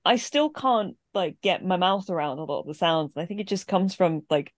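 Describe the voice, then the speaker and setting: A woman's voice: fairly low pitch, lively intonation, moderate pace, dry recording, studio quality. A woman co-hosting a podcast, chatting casually in a rambling way, full of "like". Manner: rambling, filler-heavy with "like". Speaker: podcast co-host. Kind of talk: casual chat.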